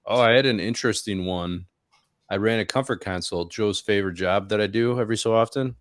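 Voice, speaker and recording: A man's voice: on the low side, brisk, no echo, studio quality. A man co-hosting a casual trade podcast, telling work and neighbor stories with lots of laughter. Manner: animated storyteller, laughs often. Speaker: podcast co-host, HVAC technician. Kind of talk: casual chat.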